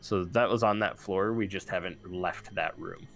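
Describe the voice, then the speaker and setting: A man discussing a tabletop game with friends. He restarts his sentences and leans on likes. His voice sits low, with faint music underneath. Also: fairly even intonation, normal speed, fairly bright tone. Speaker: player. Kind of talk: casual game-table chat.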